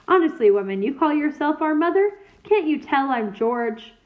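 A woman's voice: sits high, big pitch swings, normal speed, pitched above the performer's own voice. A woman voicing a cheeky teenage twin boy who teases his mother in a storybook reading. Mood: teasing. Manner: teasing, mock-indignant. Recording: tinny phone-like sound.

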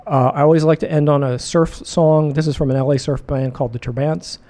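A man hosting a radio music show. He back-announces songs in a casual, rambling way, correcting himself with many filler pauses and hiccuping as he goes. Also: on the high side, fairly even intonation, dark tone.

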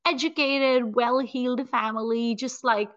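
A woman co-hosting a podcast, retelling a film scene in a casual, animated way full of "like" and "you know". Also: on the high side, unhurried, dull audio. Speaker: podcast co-host.

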